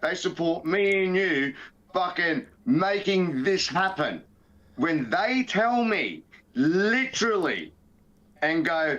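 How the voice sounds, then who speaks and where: A man's voice: high-pitched, very animated, slow pace, a bit bright, highs cut off. A man co-hosting a podcast, outspoken and profane, rambling through his picks. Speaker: podcast co-host. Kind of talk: casual podcast banter.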